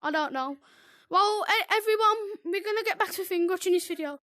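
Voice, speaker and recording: Excitable high-pitched British gamer. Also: brisk, dry recording, studio quality. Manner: excitable, yelps and giggles, teasing. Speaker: gaming video host. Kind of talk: excitable let's-play commentary.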